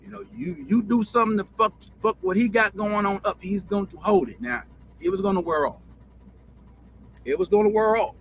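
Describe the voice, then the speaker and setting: A man's voice: high-pitched, expressive, brisk, hardly any pauses, slight background noise. A man hosting a sports talk show, telling a story in a profane, repetitive, heated rant. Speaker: host. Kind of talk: ranting sports commentary.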